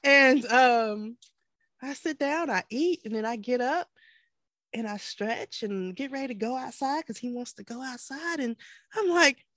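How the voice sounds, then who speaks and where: A woman in her thirties co-hosts a podcast, chatting casually in a fairly high, slightly bright voice at a somewhat slow pace. She laughs often and acts out quotes, and the recording is dry.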